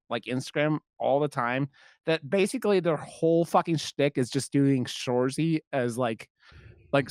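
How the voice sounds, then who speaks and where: A man's voice: fairly high pitch, clean tone, dry recording, clean studio sound. A man hosting a podcast in casual chat, loose and profane in his banter. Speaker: podcast host.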